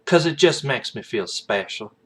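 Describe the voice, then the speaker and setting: A man's voice: mid-range voice, expressive, normal speed, a bit bright, voice pushed up, close to an everyday voice. A man imitating a sassy Southern woman federal agent from a film, with an American Southern accent and a drawled, sassy delivery.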